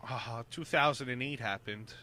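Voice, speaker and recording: Easygoing man with a bright voice. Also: medium pitch, moderate pace. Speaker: podcast guest. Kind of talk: casual podcast chat.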